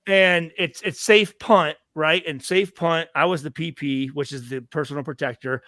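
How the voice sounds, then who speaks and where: Man, high voice, dry sound, profane storyteller, loud reenactments. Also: fairly even intonation, normal speed, no echo. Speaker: podcast guest, former football player. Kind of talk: casual chat.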